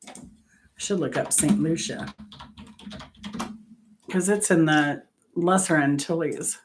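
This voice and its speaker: A woman's voice: low voice, slow pace, a little hiss or hum. A woman hosting a trivia channel, chatting casually and wandering through travel anecdotes, correcting herself as she goes. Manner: rambling travel anecdotes with self-corrections and laughs. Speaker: host of a music trivia channel. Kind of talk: casual chat.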